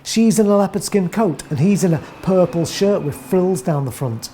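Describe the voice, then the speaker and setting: An English woman narrates a rambling first-person tale in a dry, deadpan way. Her voice is mellow and dark in tone. There is a faint hiss behind her. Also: lowish voice, moderate pace. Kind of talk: first-person comic monologue.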